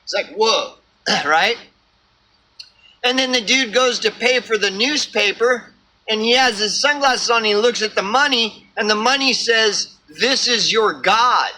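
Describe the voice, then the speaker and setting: A man's voice: high-pitched, bright, forceful tone, a little hiss or hum, rough recording. A homeless man ranting to camera, swearing often and stumbling over repeated words. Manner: profane, rambling, repeats words. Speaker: vlogger. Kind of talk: ranting monologue.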